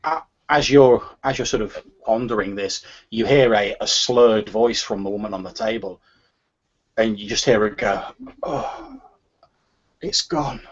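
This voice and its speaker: A man's voice: lowish voice, steady tone, normal speed, highs cut off. A man narrating as game master for a tabletop game, hesitant and full of restarts.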